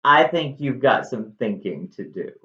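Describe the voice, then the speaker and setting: A man's voice: medium pitch, very animated, unhurried, bright, forceful tone. A man doing a coolly dismissive sorceress. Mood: coolly cruel. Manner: breezy, dismissive, offhand. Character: scheming vengeful demigod sorceress, woman. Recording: dull echoey room.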